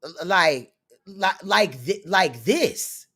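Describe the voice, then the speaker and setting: A woman's voice: fairly low pitch, animated, slow, pushed and bright, husky. A woman commentator reacting to a clip, blunt and sarcastic, swearing freely.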